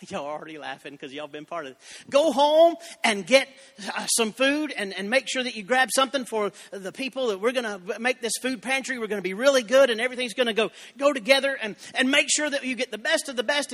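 A man's voice: very high-pitched, quick pace, hardly any pauses, pushed and bright, long reverb tail. A man preaching a sermon, reading scripture and telling folksy, joking asides to his congregation. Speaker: pastor.

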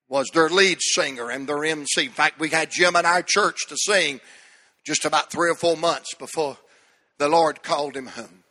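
A middle-aged man preaching a fervent sermon, swinging between shouted lines and hushed ones. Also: on the high side. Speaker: pastor.

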